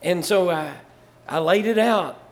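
A man's voice: high voice, measured pace. An older man from Virginia, a pastor telling church stories in a folksy way, chuckling and rising to fervor. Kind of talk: storytelling testimony.

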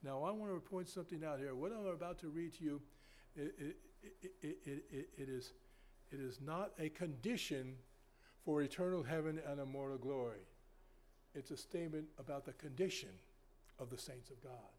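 Folksy preacher with bursts of emphasis. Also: male voice, a little high, normal speed. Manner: folksy and rambling, with many restarts and sudden loud emphasis. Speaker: pastor. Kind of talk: sermon.

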